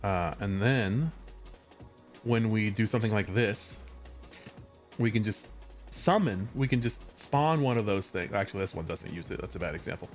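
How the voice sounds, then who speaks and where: A low-pitched American man talks loosely through a live stream, drifting between thoughts and fixing his own sentences as he goes. Soft music plays faintly behind him. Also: moderate pace, long pauses. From California, USA. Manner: rambling, self-correcting, chatty with viewers. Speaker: livestreamer and game developer. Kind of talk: casual live-stream chat while working.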